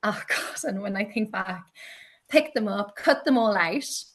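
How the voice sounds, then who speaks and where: A woman being interviewed, telling stories in a lively way and acting out her own past reactions. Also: unhurried. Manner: animated, acts out her past self in high exclaims. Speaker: guest, teacher and candle maker. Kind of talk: conversational interview storytelling.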